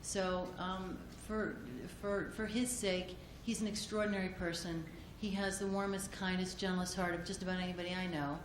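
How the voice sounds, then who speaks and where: Woman, gentle halting speech, echoey conference hall, faint noise. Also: on the low side, fairly even intonation. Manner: gentle, halting, many fillers and restarts. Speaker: award acceptor speaking for a doctor.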